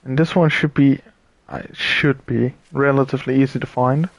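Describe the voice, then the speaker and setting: A man streaming a puzzle game, thinking aloud with pauses and chatting to viewers, tired and yawning. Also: mid-range voice, steady tone, creaky, no room sound. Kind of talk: casual let's-play commentary.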